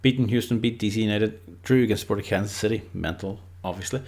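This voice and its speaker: This Irish man talks fast in a fairly low, slightly mellow voice as he gives relaxed, unplanned football predictions. His speech drifts and is full of filler words.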